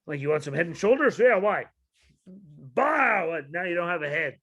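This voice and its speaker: High, bright-voiced ranting man. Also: normal speed, husky, lo-fi sound. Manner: ranting, profane, animated, shouts out quoted lines. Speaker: podcast co-host. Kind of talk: casual wrestling podcast chat.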